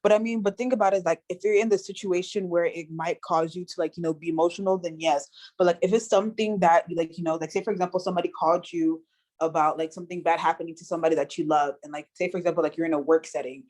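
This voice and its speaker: Fast-talking woman in a group chat. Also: lowish voice, fairly even intonation, a little mellow. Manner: talks it through, many "like"s, rushed. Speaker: discussion participant. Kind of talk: casual online group discussion.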